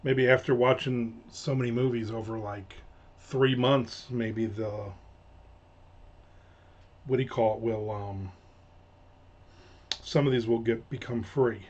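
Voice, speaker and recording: A man's voice: mid-range voice, steady tone, slow pace, long pauses, darkish tone. A man from the United States chats on a livestream, answering viewer comments with jokes. His talk rambles, trails off and starts over. The sound is a little muffled and lo-fi. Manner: rambling, jokey, trails off and restarts often. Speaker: livestream host. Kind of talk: casual livestream chat reading viewer comments. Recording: slightly dull lo-fi home mic.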